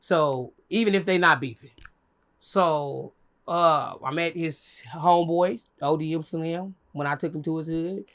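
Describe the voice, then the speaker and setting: A young woman being interviewed shares a casual story at a measured pace, her telling lively and sprinkled with swearing. Whenever she quotes someone else, she acts it out in a high voice.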